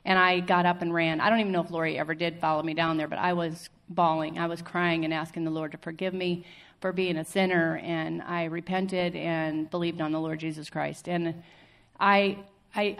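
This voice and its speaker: Woman, lowish voice, earnest testimony storyteller acting out conversations. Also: normal speed. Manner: earnest, animated retelling with quoted dialogue. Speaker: testimony speaker.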